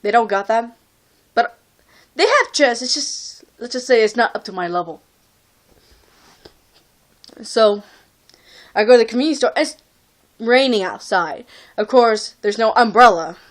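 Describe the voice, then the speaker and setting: A woman's voice: on the high side, expressive, measured pace, long pauses. Exasperated young woman ranting into her phone. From Texas. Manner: rambling and exasperated, full of "like". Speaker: vlogger. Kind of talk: casual storytelling to camera.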